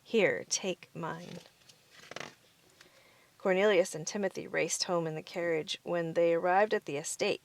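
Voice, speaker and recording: Woman reading a children's storybook. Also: fairly low pitch. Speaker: storybook reader. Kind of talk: reading a children's picture book aloud.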